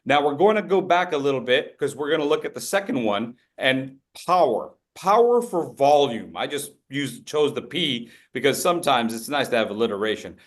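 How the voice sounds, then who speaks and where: A man's voice: mid-range voice, expressive, moderate pace, hardly any pauses. A man presenting a public speaking workshop, joking with the audience and leading group drills. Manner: playful, jokey, leads group drills.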